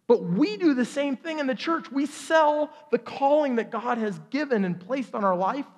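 Animated preaching man in a reverberant church. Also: very high-pitched. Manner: animated storytelling, acts out characters in quick voices. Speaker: pastor. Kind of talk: sermon. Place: church sanctuary.

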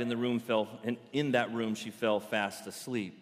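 A man preaching a sermon to a congregation in a playful, animated storytelling way. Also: medium pitch, moderate pace, in a large hall. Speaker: pastor. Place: church sanctuary.

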